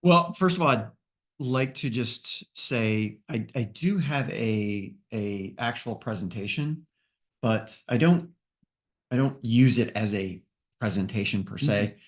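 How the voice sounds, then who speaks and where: A man, a buyer's agent guest, explaining his process in a thoughtful, halting way with restarts. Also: lowish voice. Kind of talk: casual conversation.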